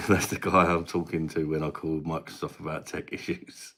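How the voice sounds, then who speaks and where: A man's voice: extremely low pitch, level tone, moderate pace, fairly bright tone. A British man hosting a casual live stream, bantering with chat, laughing often and swearing casually. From Britain. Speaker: live-stream beer reviewer.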